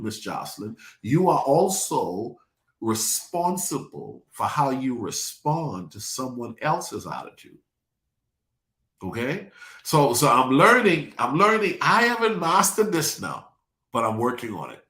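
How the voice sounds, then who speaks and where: A man preaching with a lively, swooping delivery that climbs and drops as he presses his points, speaking. He calls on listeners by name and asks them to repeat after him, and the room around him rings with echo. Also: medium pitch, a little slow. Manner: preachy call-and-response, addresses congregation by name. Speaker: pastor. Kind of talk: sermon. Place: church sanctuary.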